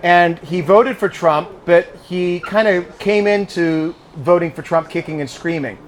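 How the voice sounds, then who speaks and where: A man in his fifties answers audience questions conversationally in the living room of a private home, often repeating words as he begins a sentence. His voice sits high and he speaks unhurriedly. There's slight background noise.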